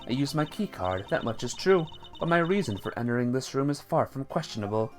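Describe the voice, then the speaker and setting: A man's voice: medium pitch, animated, brisk, faint music behind, pitched above the performer's own voice, close to an everyday voice. A man voicing a proud, indignant young male detective. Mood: haughty. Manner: haughty, indignant.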